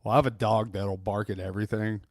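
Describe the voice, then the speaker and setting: A man's voice: lowish voice, level tone, fast, slight background noise. A man co-hosting a casual live-stream chat, griping and joking with frequent laughter. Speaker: co-host.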